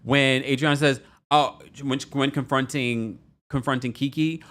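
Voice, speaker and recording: A man's voice: mid-range voice, steady tone, a little slow, hardly any pauses, a bit bright. A man hosting a live reality-TV recap in a casual, chatty way, often laughing and repeating himself. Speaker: recap show host.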